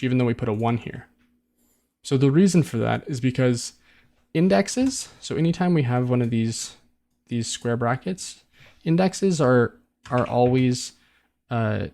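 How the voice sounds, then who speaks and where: A man teaching a coding lesson in a relaxed, chatty way, thinking aloud, restarting phrases and filling pauses with ums. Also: medium pitch. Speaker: coding tutor. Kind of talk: casual screen-recorded coding tutorial.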